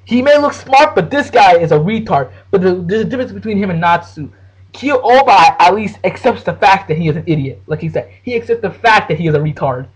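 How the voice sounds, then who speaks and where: A man with a high, husky voice rants about his favorite anime battles. He talks casually and excitably, swears freely, and keeps restarting sentences. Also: fairly quick, rough recording. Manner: excitable, profane, full of slang and restarts. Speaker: anime reviewer. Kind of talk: casual anime rant to the camera.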